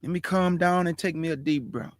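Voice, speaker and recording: A man's voice: a little high, moderate pace, no room sound, studio quality. A man hosting his own show, giving heated, emphatic religious commentary that repeats its points. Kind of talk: impassioned preaching commentary.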